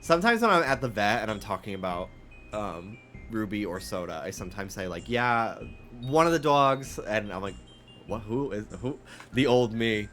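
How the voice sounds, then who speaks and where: A man's voice: lowish voice, normal speed, soft background music. A young man with a faint New York accent, a streamer chatting casually and rambling with his live chat, full of fillers. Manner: rambling, animated, frequent fillers.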